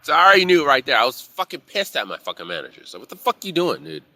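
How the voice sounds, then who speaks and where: Guy swearing a lot in a live class, bright edgy voice, rambling heated stories. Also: a little high, huge pitch swings, fast, no echo. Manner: profane, heated, talks in rambling anecdotes. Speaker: instructor of a live class on intuition. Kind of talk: casual live class, storytelling monologue.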